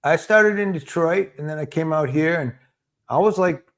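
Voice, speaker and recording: An older man hosting a casual interview, telling relaxed anecdotes from his early career. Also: on the high side, normal speed. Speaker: host.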